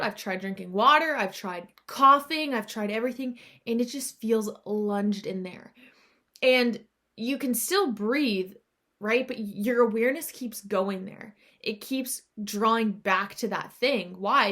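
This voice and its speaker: A woman hosting her own podcast, talking in a chatty, encouraging way and often turning to her listeners with "right?" and "you guys". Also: medium pitch. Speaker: podcast host. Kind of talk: casual solo podcast talk.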